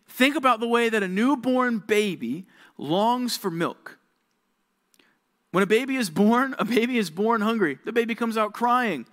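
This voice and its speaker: A man's voice: very high-pitched, a bit bright. A young man, a youth pastor, giving a casual, conversational sermon to teenagers, full of rhetorical questions.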